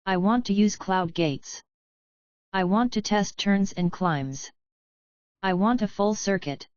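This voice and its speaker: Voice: medium pitch, takes it slowly, smooth, dry recording, lo-fi sound, natural voice. A woman voicing a cocky, competitive female pegasus racer who talks in boastful declarations.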